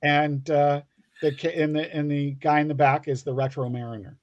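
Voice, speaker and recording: A man's voice: a little high, level tone, moderate pace, dry recording, muffled recording. A man, a comic book writer, chatting on a video-call livestream, rambling with lots of restarts and fillers. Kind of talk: casual chat on a livestream.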